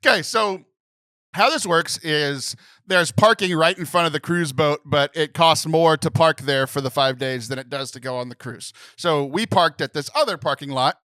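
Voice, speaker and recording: A man in his thirties hosting a casual podcast, telling a story in an animated way and laughing often. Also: a little high, moderate pace, dry recording. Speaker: podcast host. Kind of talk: casual chat.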